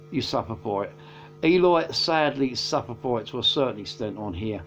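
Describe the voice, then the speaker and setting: A man's voice: medium pitch, moderate pace, soft background music. A man, casually reviewing albums from his collection, rambling with many fillers and self-corrections. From England. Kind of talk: casual chat.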